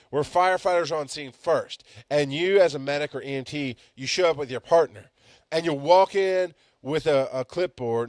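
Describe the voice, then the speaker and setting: A man teaching as a paramedic instructor, telling stories bluntly and swinging between loud emphasis and quiet asides. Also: mid-range voice, dry recording. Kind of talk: storytelling lecture.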